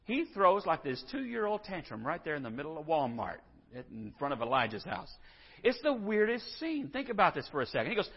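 A man's voice: a little high, big pitch swings, fairly quick, husky. A man from Texas, preaching a sermon to his congregation and acting out the scripture's figures as he tells the story. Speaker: pastor. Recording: muffled sound in a reverberant church hall.

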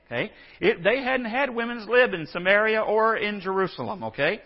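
A man's voice: high voice, normal speed, hardly any pauses, big-room sound, muffled recording. A male pastor from Texas preaching a sermon in a folksy way, with joking asides and acted-out scripture dialogue.

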